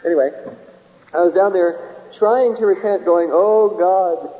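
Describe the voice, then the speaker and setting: A man's voice: high voice, moderate pace, big-room sound, lo-fi sound. A man preaching a sermon in a folksy way, chuckling often and acting out little dialogues.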